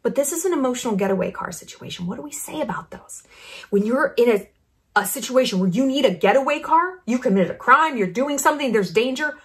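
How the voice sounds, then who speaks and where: She's a thirty-something YouTube commentator with a high voice and lively intonation. Her vlog monologue is brash and sarcastic, blunt in its opinions and dotted with quick asides.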